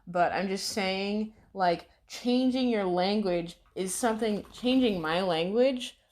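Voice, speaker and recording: An American woman doing casual commentary, blunt, mocking and full of swearing. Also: medium pitch. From United States. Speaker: commentary vlogger.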